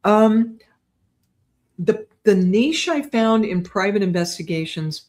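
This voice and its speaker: An older woman with a voice of middling pitch talks as a guest on an interview show. She tells her stories in an animated, chatty way and keeps checking in with her listener. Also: slow pace. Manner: chatty, animated, tags lines with "right?". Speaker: guest psychic medium. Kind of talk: casual storytelling interview.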